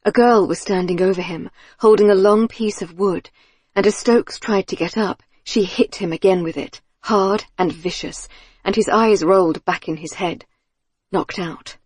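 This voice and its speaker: A woman reading an audiobook thriller in a measured, tense storytelling manner on a close studio mic. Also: mid-range voice, darkish tone, husky, no room sound. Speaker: audiobook narrator. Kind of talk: scripted audiobook narration.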